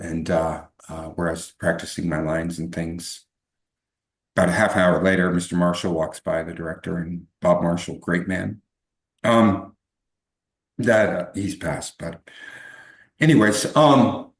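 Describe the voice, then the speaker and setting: A middle-aged man telling his own life story as an interview guest, rambling with many restarts and fillers. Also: sits low. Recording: echoey room.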